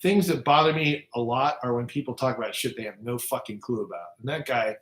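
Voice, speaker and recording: A man's voice: mid-range voice, fairly quick. A man chatting casually on a livestream as a guest, profane, rambling and joking as he reads comments. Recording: echoey room.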